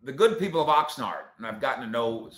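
A man's voice: mid-range voice, quick pace, roomy sound. A man hosting a casual sports talk show, ranting with strong opinions. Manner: opinionated, animated rants.

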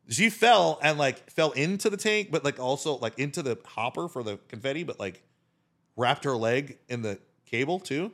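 A man telling a casual story as a podcast guest, animated and swearing freely, talking with his hands. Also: medium pitch, moderate pace.

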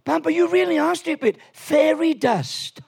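A man's voice: high voice, animated, moderate pace, slightly rough, exaggerated voice. An older man doing a small earnest girl. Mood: hushed, earnest. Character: little girl, five years old, earnest and bossy.

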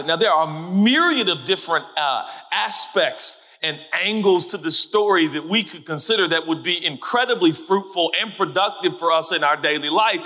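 Man pastor, sermon, high bright voice, dramatic shouts and hushed asides. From Portland, Oregon.

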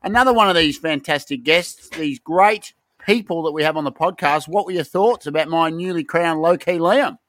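A man's voice: on the high side, moderate pace, hardly any pauses, fairly bright tone. A man co-hosting a casual podcast, building up segments with over-the-top hype. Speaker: podcast co-host.

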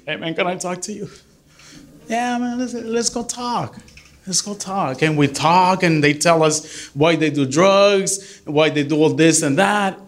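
A middle-aged man who is a deacon, giving an earnest, animated church talk to a group and mixing English with Spanish. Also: a little high.

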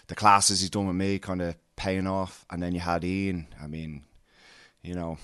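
A man, a coach answering interview questions, slightly hoarse from cheering, emphatic and full of "you know". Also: low-pitched, level tone, moderate pace, a bit bright, dry recording, clean studio sound. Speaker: MMA coach.

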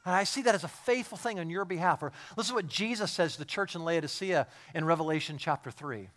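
A man preaching a sermon as a pastor, swinging from hushed, quiet lines to loud, emphatic ones and repeating phrases for emphasis. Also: fairly high pitch, quick pace.

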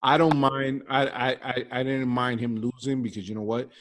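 A man talking casually about wrestling as a podcast co-host, animated and rambling, often repeating himself. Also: medium pitch, normal speed.

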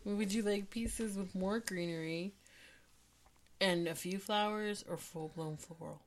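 A young woman co-hosting a silly, casual chat on a chest mic, giggling and breaking into high squealing shouts. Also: a little slow, a little hiss or hum. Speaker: podcast co-host. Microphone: clip-on chest mic.

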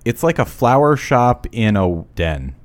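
A man co-hosting a casual podcast, chatty and relaxed, with lots of fillers. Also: mid-range voice, unhurried. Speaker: podcast co-host. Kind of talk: casual chat.

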